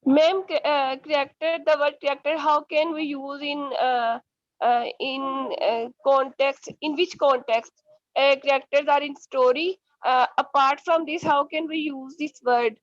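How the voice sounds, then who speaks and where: A woman's voice: high-pitched, steady tone, a little slow, dry recording, lo-fi sound. A woman student asking a teacher questions politely and hesitantly, with many fillers.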